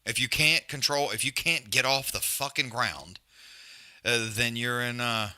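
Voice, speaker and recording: A man's voice: mid-range voice, measured pace, sharp tone, clear, resonant tone. A man hosting a live fight watch-along, trash-talking fighters in blunt, profane casual chat. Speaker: live stream host.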